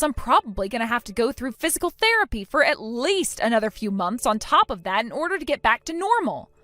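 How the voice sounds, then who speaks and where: A woman's voice: a little high, fairly bright tone, no echo. A woman narrating a text-message story in the first person, indignant, cutting and firm.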